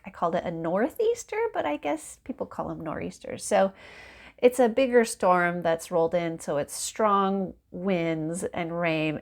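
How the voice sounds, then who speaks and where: A woman in a casual chat at home by a window, talking in a rambling, chatty way and laughing often. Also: on the low side. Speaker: book vlogger.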